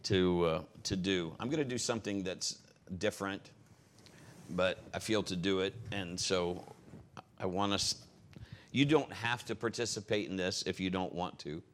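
A man pastoring a congregation in a relaxed, conversational way, explaining what everyone will do next. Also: low voice, moderate pace, slight background noise. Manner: relaxed, conversational, giving instructions. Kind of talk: sermon, leading the congregation.

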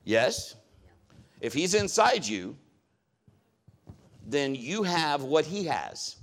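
A man's voice: fairly high pitch, sing-song, very slow, creaky, a bit bright. A man preaching a sermon in a conversational style, telling a story and acting out what others said. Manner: conversational, acts out quoted voices.

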